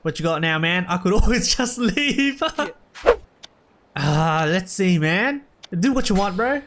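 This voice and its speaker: A man giving casual, excitable gameplay commentary, full of slang and shouts at the game. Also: high voice, measured pace, noisy background. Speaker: let's play gamer. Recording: loud game music underneath. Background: game music.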